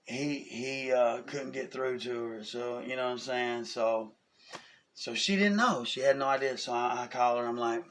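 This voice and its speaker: A man, telling a personal story in a casual, animated way, often asking "you know what I'm saying?". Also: mid-range voice, normal speed, slight background noise. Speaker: vlogger.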